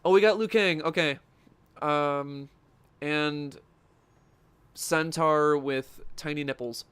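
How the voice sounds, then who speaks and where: Guy streaming a fighting game, kinda high smooth voice, jokey and rambly. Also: steady tone, slow, a bit bright. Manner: rambling, jokey, reacting aloud to the match. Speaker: gaming streamer. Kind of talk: casual gameplay commentary.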